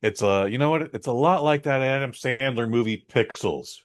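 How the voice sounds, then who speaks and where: A man's voice: mid-range voice, normal speed. Blunt, rambling male podcast co-host. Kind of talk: casual movie review.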